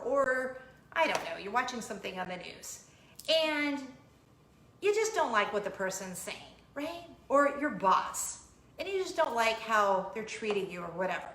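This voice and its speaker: A woman's voice: on the high side, fairly bright tone. A middle-aged woman hosting a casual chat vlog, bubbly and giggly as she chats about parenting. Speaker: host, mother. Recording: roomy room with faint hum.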